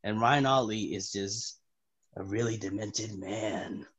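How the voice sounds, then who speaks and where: A man co-hosting a comic book podcast, excitable and swearing often, acting out the characters' lines loudly. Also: on the low side, slow, muffled recording. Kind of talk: casual podcast chat.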